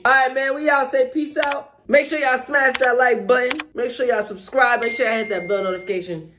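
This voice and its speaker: A man's voice: very high voice, steady tone, fairly quick, sharp tone, slight background noise. A man hosting a reaction video, cracking slangy jokes and talking straight to his viewers. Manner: slangy, joking asides to viewers. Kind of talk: casual reaction commentary.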